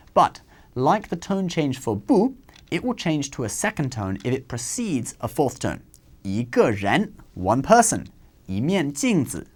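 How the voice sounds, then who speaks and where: A man hosting a scripted language lesson, explaining rules clearly and saying example words slowly and carefully. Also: mid-range voice. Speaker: host and Chinese language teacher.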